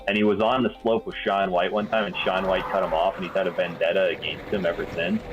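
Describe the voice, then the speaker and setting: A man's voice: deep voice, level tone, fast, lo-fi sound, music in the background. A man telling rambling, laughing anecdotes in a casual chat among friends. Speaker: guest on a gaming stream.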